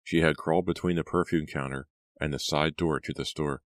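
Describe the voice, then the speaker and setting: A man narrating an audiobook in a steady, even reading. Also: extremely low pitch, a little fast, dry recording, studio quality. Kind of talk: scripted narration.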